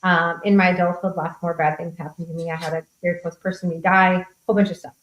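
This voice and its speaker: A woman's voice: fairly low pitch, flat delivery, fast talker, roomy sound, poor audio. A woman coach speaking frankly and casually, answering questions at a group meetup, with casual swearing. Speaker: host and coach.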